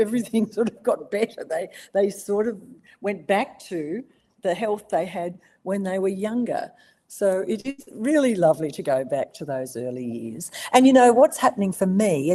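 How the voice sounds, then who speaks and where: An Australian voice actress in a casual interview, telling stories with ready laughter and plenty of ums and restarts. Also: female voice, medium pitch. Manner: warm storytelling, laughs easily, many ums and restarts. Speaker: voice actress guest.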